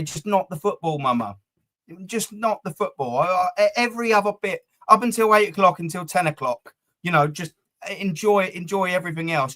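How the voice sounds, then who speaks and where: A man with a slightly higher than usual voice, talking casually on a football fan live stream. He rambles, swears freely and chats straight to his viewers. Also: sharp tone. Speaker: football fan channel host.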